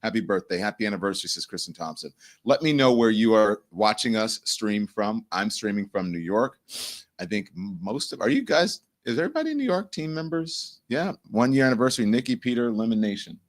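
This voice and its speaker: Very animated and brisk, a man with a fairly low voice hosts his own live-stream show. He reads out viewer comments, chatting casually and laughing easily in what sounds like an apartment home studio.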